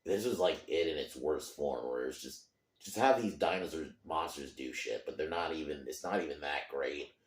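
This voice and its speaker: A man's voice: a bass voice, normal speed, echoey room. A man ranting in a movie review, frustrated and emphatic, swearing often.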